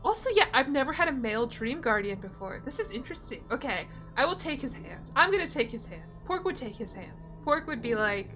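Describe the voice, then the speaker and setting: A woman's voice: high voice, very animated, brisk, few pauses, fairly bright tone, soft background music. A young woman streamer chatting casually while she plays, giggly and self-deprecating. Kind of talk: casual gameplay commentary.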